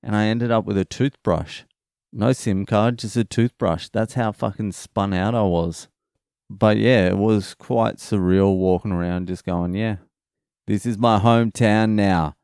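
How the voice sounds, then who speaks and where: A man's voice: on the low side, fairly even intonation, a little slow, darkish tone, clean tone, no echo. A young Australian man hosting a podcast, rambling and swearing in a casual solo monologue, sounding sleepy and dryly funny. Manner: sweary and rambling, dry humour. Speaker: podcast host.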